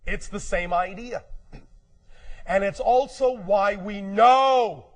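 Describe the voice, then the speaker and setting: Slow emphatic high-voiced man lecturing. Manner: slow, emphatic, declarative, often clears throat; speaks as a collective "we" addressing humans. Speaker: spiritual speaker. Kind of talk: channeled metaphysical lecture.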